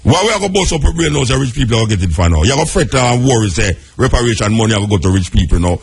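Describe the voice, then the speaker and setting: Jamaican radio host guy, husky voice, kinda preachy, calming callers down. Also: mid-range voice. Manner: preachy, reassuring, drawn-out emphasis. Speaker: radio talk show host. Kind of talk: call-in radio talk.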